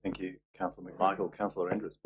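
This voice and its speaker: A man's voice: low voice, level tone, quick pace, slight background noise, low-quality recording. A man chairing a council meeting as mayor, businesslike with dry asides.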